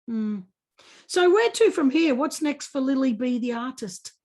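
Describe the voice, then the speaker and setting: Australian woman host, high bright pitch; effusive cheerleader who rambles and repeats herself. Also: lively intonation, a little slow. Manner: gushing, repeats herself, talks over guest. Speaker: podcast host. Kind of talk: effusive podcast interview over video call. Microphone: video call.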